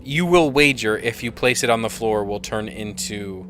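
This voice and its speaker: Relaxed man running a tabletop game. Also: fairly low pitch, moderate pace, slight background noise. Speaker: game master.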